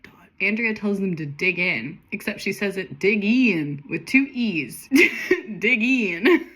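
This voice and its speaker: A woman's voice: lowish voice, sharp tone, husky. A woman reading her childhood novel aloud with chatty, self-mocking commentary and frequent laughter. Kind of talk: casual read-along commentary.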